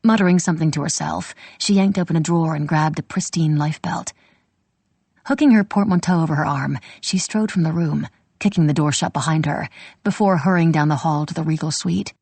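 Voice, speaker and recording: A woman reading a historical novel aloud as an audiobook narrator, steady and measured. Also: low-pitched, breathy edge, no room sound.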